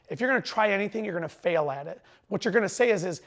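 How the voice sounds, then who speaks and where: A middle-aged man coaching salespeople straight to camera in a high, bright voice. He talks fast and emphatically and sometimes runs his words together, and a tiredness sits under his energy. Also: expressive. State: tired after a long lecture. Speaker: sales trainer. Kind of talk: direct-to-camera sales lesson.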